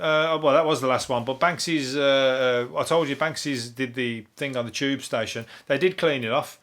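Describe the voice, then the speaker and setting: A Brummie comedian hosts a solo podcast, riffing on news stories in a dry, deadpan way. He rambles, swears freely and loses his thread. His voice sounds a little hoarse and worn. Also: medium pitch. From Birmingham, England. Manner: deadpan, rambling, sweary, laughs at own jokes. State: voice going hoarse.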